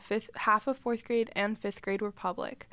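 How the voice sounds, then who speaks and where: A woman's voice: medium pitch, fairly even intonation, normal speed, a bit bright, no echo. A young woman from South Carolina co-hosting a podcast, chatting casually and laughing easily. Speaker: podcast co-host. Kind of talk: casual chat.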